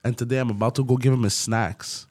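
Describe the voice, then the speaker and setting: A man's voice: medium pitch, fast talker. A man co-hosting a podcast, telling stories animatedly while getting over a sore voice. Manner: animated storyteller, says bro. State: recovering from a sore voice. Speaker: podcast co-host. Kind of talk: casual chat.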